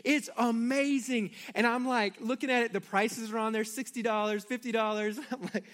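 A middle-aged pastor with a very high-pitched voice preaches a sermon at a moderate pace with few pauses. He addresses his congregation directly, telling family stories in an animated, storytelling manner.

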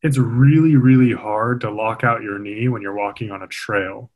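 A man's voice: lowish voice, fairly even intonation, normal speed, narrow, tinny audio. A man who coaches athletes, explaining movement in an earnest, emphatic conversational way. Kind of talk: casual podcast conversation.

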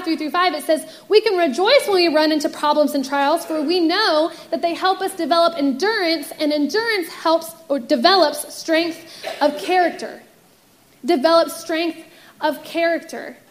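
Very high-voiced woman preaching. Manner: animated storytelling, acts out voices in quotes. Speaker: youth pastor. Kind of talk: casual sermon with personal story.

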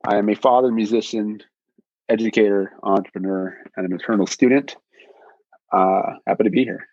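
A man talking as a podcast panelist in a halting way, with many restarts and fillers. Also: fairly low pitch, steady tone, a little mellow, dry recording. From Peru-rooted, American. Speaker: panelist, musician and educator. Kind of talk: casual podcast discussion. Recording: dull, dry lo-fi audio.

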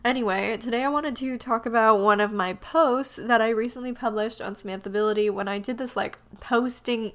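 A woman's voice: a little high, brisk, hardly any pauses, a bit bright. A young woman hosting a podcast, chatting casually and joking at her own expense, her voice nasal and stuffed up from a cold. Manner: chatty and self-deprecating, laughs often. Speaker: podcast host. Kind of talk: casual solo podcast chat.

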